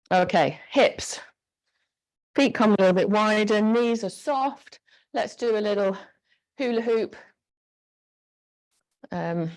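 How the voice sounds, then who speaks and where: A woman's voice: on the low side, a little mellow. A woman instructor leading a live online exercise class, cueing moves in a chatty, encouraging way on a clip-on mic. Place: home room with a squeaky floor. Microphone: clip-on mic pack.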